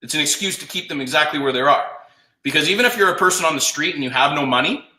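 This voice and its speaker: A man coaching a live audience in a blunt, profane, rapid-fire pep talk. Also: fairly high pitch, lively intonation, sharp tone. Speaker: sales coach. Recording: roomy echo.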